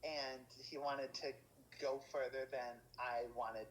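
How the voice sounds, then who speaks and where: A woman's voice: a bass voice, steady tone, takes it slowly, a little hiss or hum, poor audio. A woman dungeon master, a guest in a casual interview, rambling with lots of fillers and restarts.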